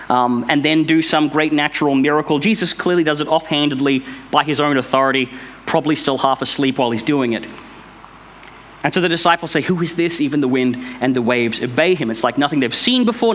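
A man's voice: on the high side, a bit bright. A man giving an informal Bible study, explaining step by step in a thoughtful, conversational way. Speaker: Bible teacher.

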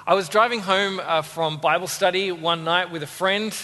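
An Australian man preaching a sermon, telling a story with lively acted-out voices. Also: high voice, moderate pace, hardly any pauses, a little hiss or hum. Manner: animated storyteller, acts out voices. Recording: long hall reverb.

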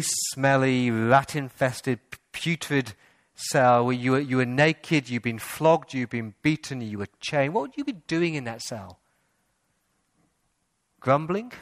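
A man's voice: mid-range voice, dry recording, studio quality. A man preaching a sermon in a church, asking rhetorical questions and building to emphatic passages. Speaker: pastor. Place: church hall.

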